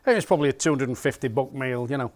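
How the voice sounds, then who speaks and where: A man telling lively, laughing stories from life as a caddie. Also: mid-range voice, racing. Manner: lively pub-story telling with bursts of laughter. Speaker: caddie and co-host. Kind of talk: casual storytelling chat.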